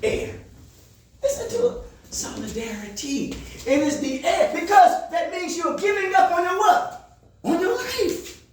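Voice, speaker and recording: A man's voice: very high-pitched, very animated, moderate pace, slight background noise. A man counseling a group in a motivational call-and-response style, asking leading questions for the listeners to finish and often raising his voice for emphasis. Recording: echoey room, far from the mic.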